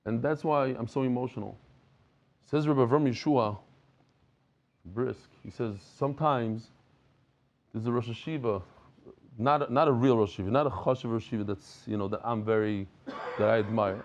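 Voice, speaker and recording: Animated Talmud teacher, man, dull audio. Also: medium pitch, normal speed, long pauses. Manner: animated, mixes in Hebrew and Yiddish terms; repeats and restarts words, jokes with listeners. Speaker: Daf Yomi teacher. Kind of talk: lively Talmud lecture.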